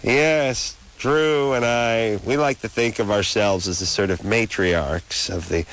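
A man's voice: lowish voice, measured pace, fairly bright tone, a little hiss or hum, low-quality recording. A man in his thirties hosting a late-night radio call-in show, ranting in long, opinionated riffs. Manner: rambling, opinionated rants. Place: radio studio. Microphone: studio microphone.

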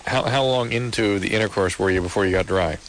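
A man's voice: lowish voice, quick pace, fairly bright tone, slight background noise. A man co-hosting a call-in radio show, giving direct advice and asking callers probing questions. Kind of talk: casual radio advice talk.

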